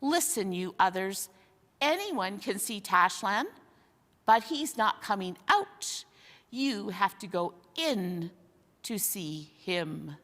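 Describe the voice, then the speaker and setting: A woman's voice: mid-range voice, animated, slow, fairly bright tone. A woman doing a sly jeering male ape. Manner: mocking, sly, bossy. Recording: long hall reverb.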